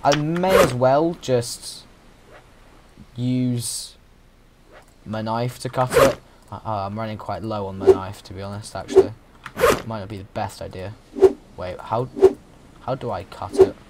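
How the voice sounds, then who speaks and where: Heavy noise surrounds a fairly low male voice that moves at a measured pace with long pauses. It's a young YouTuber casually narrating a survival game in a playful way, meandering and restarting his thoughts.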